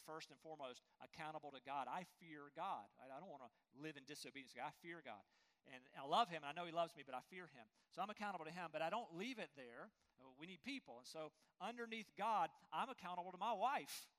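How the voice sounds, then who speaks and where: A middle-aged male pastor delivers a sermon with earnest emphasis and the odd short laugh. His voice sits high for a man. The sound rings with the long reverb of a church sanctuary. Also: fairly quick, fairly bright tone. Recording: long reverb of a large hall.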